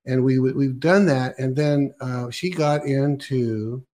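A man's voice: medium pitch, slow, darkish tone. A man hosting a casual conversation, chatting and recapping a story in a conversational way. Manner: conversational, laughs along, recaps. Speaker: host. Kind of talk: casual chat.

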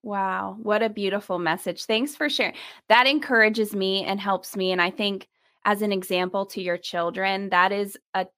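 A woman's voice: medium pitch, steady tone, moderate pace, fairly bright tone, dry recording. A woman hosts a ministry interview, recorded dry and close with no room sound. She responds affirmingly and encourages her guest with frequent short replies. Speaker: interviewer host.

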